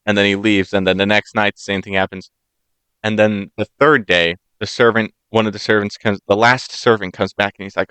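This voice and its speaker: A man's voice: lowish voice, fairly even intonation, fairly quick, pushed and bright, clear, resonant tone, no room sound. A man from the United States co-hosting a podcast, casually retelling a fairy tale with playful put-on voices. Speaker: podcast co-host. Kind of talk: casual chat.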